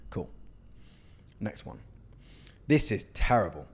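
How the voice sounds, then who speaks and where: Young guy ripping apart cold emails, super lively pitch, blunt, kinda mocking, keeps saying okay. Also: slow, slightly rough. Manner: blunt, animated, mocking, says "okay?" a lot. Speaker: outreach coach reviewing cold emails. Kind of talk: casual critique to camera.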